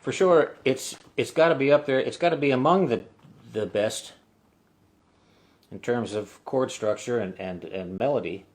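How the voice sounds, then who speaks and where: A man's voice: medium pitch, moderate pace. A man hosting his own live-streamed acoustic set, singing songs and chatting loosely and candidly between them, swearing casually. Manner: singing with a guitar. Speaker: singer-songwriter hosting a weekly live stream. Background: his own acoustic guitar.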